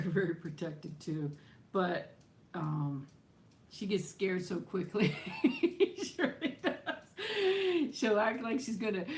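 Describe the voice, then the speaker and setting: A woman's voice: medium pitch, fairly bright tone. A middle-aged woman chatting on a live stream, rambling through viewer questions and laughing often. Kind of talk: casual live-stream chat.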